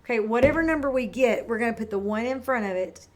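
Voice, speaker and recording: A woman's voice: a little high, expressive, fast talker. A middle-aged woman, a kindergarten teacher, giving a friendly, patient lesson that speaks straight to young children. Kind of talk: read-aloud and classroom lesson for young children.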